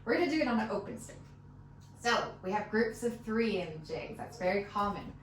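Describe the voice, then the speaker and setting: A woman's voice: mid-range voice, expressive, brisk, a little hiss or hum. A woman teaching a fiddle lesson, patiently encouraging and counting beats aloud, with fiddle playing behind her. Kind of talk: one-on-one music lesson. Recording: echoey room, mic at a distance.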